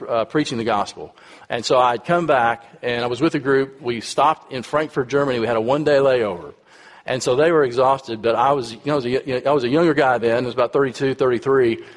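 A middle-aged Texan man preaches at an even, ordinary pitch, telling his story casually and checking in with listeners as he goes. His voice rings out with a long reverb trailing after each phrase, as in a big hall. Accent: Texas. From Texas. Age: 50s. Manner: conversational storytelling, frequent "right?" and "uh" asides. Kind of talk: sermon.

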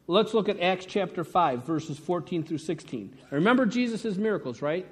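A man's voice: high voice, expressive, moderate pace, hardly any pauses, breathy edge. A man preaching a sermon to his congregation, emphatic and conversational, often checking in with "right?". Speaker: pastor.

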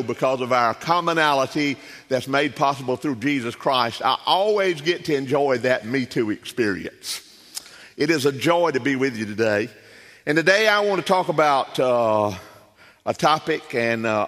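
A man preaching a sermon, easygoing and conversational, with plenty of "uh"s as he goes. His voice sits at an ordinary middle pitch. It rings with the long reverb of a church sanctuary. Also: fairly bright tone. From South Carolina. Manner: folksy, conversational, frequent "uh" fillers. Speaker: guest preacher. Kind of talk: sermon with folksy storytelling.

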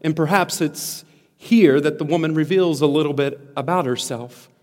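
A man's voice: a little high, normal speed, a little mellow. Earnest male preacher in a reverberant hall. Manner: emphatic, earnest, with repeated restarts. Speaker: pastor. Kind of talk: sermon.

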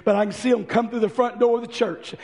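A male pastor preaching an impassioned sermon with a hoarse voice that is giving out, acting out the visitors' voices as he tells the story. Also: very high-pitched, little pitch movement, fast talker, a little mellow, long reverb tail.

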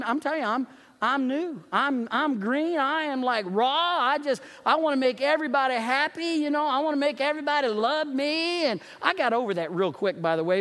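High-voiced preacher in an echoing church. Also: male voice. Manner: animated, emphatic preaching with storytelling. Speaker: pastor. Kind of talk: sermon. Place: church sanctuary. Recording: long reverb of a church sanctuary.

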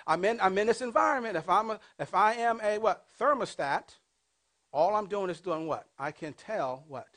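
This fifties-aged pastor has a high-pitched, expressive voice and preaches at a normal speed. His sermon swings from loud to hushed, and he draws the congregation into call-and-response questions.

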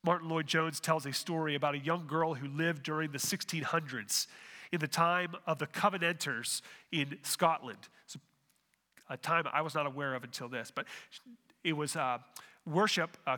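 Bright-voiced man preaching in a hall. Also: on the high side, moderate pace. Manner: earnest preaching with rhetorical questions and restarts. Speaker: pastor. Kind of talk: sermon.

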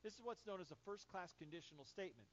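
A man's voice: high-pitched, quick pace. A man preaching a Sunday sermon as pastor, acting out the lines of the people in the Bible stories. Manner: animated, acts out Bible quotes. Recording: dull lo-fi church recording with faint hum.

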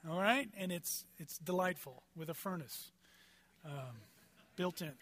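This pastor's voice sits high with a fairly bright tone, and he speaks at a measured pace. He preaches conversationally, weaving in personal anecdotes and driving his points home through chains of rhetorical questions.

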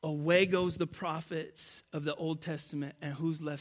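A pastor preaching to a congregation from a church stage, swinging between loud, animated passages and hushed, quiet ones. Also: male voice, a little high, moderate pace, hardly any pauses. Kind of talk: sermon.

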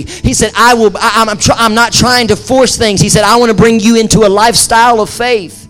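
A male pastor with a notably high voice delivers a passionate sermon to his congregation. He repeats phrases for emphasis and swings between forceful cries and quiet, intimate asides. Soft music plays faintly beneath him. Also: level tone, a little fast, few pauses. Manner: impassioned, swings from loud to hushed, repeats phrases. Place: church service with live audience.

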